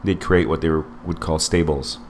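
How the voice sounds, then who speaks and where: Deep voiced guy in his 40s rambling on a podcast, lots of ums, bit of hiss. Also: steady tone, normal speed, a little mellow. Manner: rambling, digressive, many fillers and restarts. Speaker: podcast co-host. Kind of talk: casual podcast movie review.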